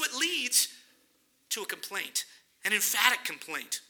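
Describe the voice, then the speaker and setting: A man preaching a sermon, explaining a scripture passage and acting out its characters with animated emphasis. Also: high-pitched, a little slow. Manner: animated, dramatizing the scripture with acted-out voices.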